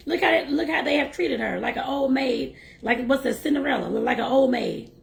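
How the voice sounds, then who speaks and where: A woman reading a novel aloud and breaking off for lively, chatty asides to her listeners. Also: sits high, brisk, creaky, few pauses. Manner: lively, laughs and talks to listeners directly. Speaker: host and reader.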